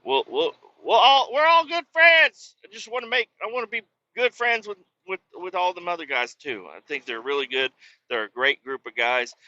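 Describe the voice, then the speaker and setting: A man with a very bright, forceful voice hosts a casual podcast from a car on a bumpy road. He rambles and jokes, breaking into loud rants, and the sound is a bit dull and lo-fi. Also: fairly high pitch, fairly quick, dry recording. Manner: rambling, joking, rants with bursts of shouting. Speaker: podcast host. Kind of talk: casual solo podcast talk. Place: moving vehicle on a bumpy road.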